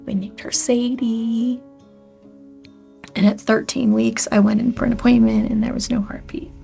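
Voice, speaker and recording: Candid woman in her forties, gravelly voice. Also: a little high, little pitch movement, normal speed, mellow, soft background music. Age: 40s. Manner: candid and emotional, often dropping to a near-whisper. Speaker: church member sharing her testimony. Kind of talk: personal testimony to camera.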